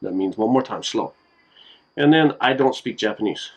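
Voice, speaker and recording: A man with a gravelly, creaky voice walks viewers through basic phrases in a laid-back home video. He talks unhurriedly and fills pauses with "uh" and "like," as if chatting with family. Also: lowish voice, rough recording. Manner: relaxed, explains slowly with many fillers. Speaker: co-host explaining phrases. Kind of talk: casual home video lesson.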